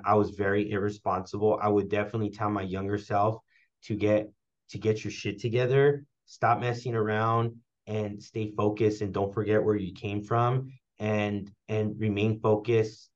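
A man's voice: lowish voice, muffled recording. A young man answering interview questions, earnest and giving advice, often repeating his phrases. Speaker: interview guest.

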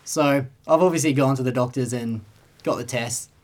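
A man's voice: mid-range voice, normal speed. A young man with an Australian accent telling a long rambling story as a podcast co-host, casual and sweary. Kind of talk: casual chat.

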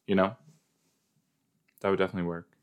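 A podcast host with a deep, clear, resonant voice runs a casual watch-along show, talking quickly with flat delivery. He's playful and giggly, addressing his listeners as "you guys."

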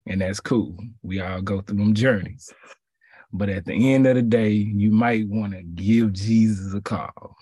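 Street-casual preacher, man, slightly raspy, repetitive emphatic delivery, dead-dry sound. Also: fairly low pitch, mellow, no echo. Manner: conversational, slangy, repeats phrases. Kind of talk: casual sermon.

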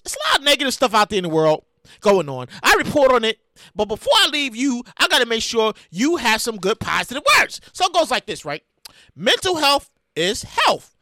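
A man hosting his own solo podcast from his room at home, talking into a podcast microphone, excitable and rambling, often breaking into shouts. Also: very high voice, no echo. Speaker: podcast host.

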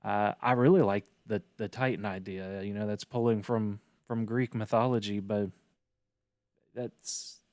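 A man's voice: fairly low pitch, steady tone, unhurried, darkish tone, dry recording, clean studio sound. A man co-hosting a podcast in casual chat, musing and speculating as he talks. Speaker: podcast co-host.

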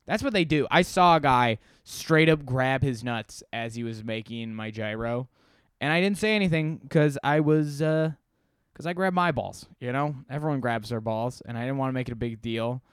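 A man's voice: mid-range voice, moderate pace, smooth, no room sound, studio quality. Rambling, cussing young man on a podcast. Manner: rambling, profane, exasperated storytelling. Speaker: podcast host. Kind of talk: casual ranting monologue.

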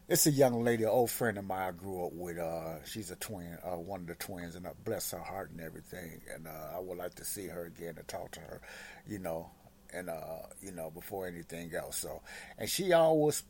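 A man's voice: deep voice, darkish tone, slight background noise. A man hosting a faith encouragement segment in a casual, rambling devotional talk, filling his sentences with "you know.".

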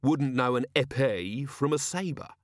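A man as a gruff, sardonic watch commander. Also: mid-range voice, a little slow, no echo, natural voice. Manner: dry, sarcastic, streetwise drawl. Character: gruff, sardonic middle-aged male city watch commander.

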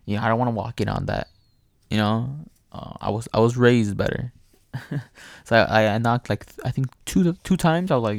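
A young man telling a profane, animated story in casual chat, often laughing. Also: mid-range voice, normal speed, vocal fry, no echo, clean studio sound.

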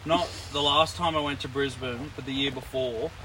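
A man's voice: medium pitch, steady tone, normal speed. A young Australian man telling a story in casual chat, laid-back and sweary, full of "like". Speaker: podcast co-host. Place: inside a tent. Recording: noticeable background noise.

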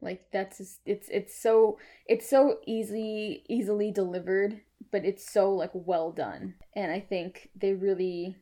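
A woman chatting on a podcast about a film she loves. She gushes and swears freely, piling on fillers and restarts as she talks, in a relaxed, casual way. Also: mid-range voice, unhurried, hardly any pauses. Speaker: podcast co-host. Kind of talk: casual movie podcast chat.

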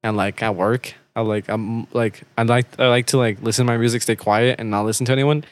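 A young man co-hosting a casual podcast, talking in a halting way full of "like" fillers and breaking into laughs. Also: medium pitch, steady tone. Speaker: podcast co-host.

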